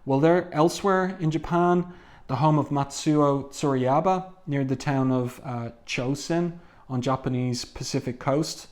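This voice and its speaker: A man's voice: fairly high pitch, a little slow, darkish tone. A man giving a casual, chatty comic book review, stopping now and then to read dialogue aloud.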